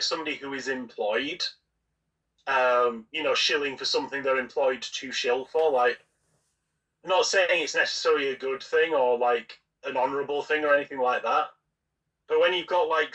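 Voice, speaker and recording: A man's voice: mid-range voice, sharp tone. A man co-hosting a podcast, chatting casually and critically with many fillers, recorded from a distant mic. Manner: conversational, critical, full of fillers like "like" and "you know". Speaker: podcast co-host. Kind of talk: casual chat.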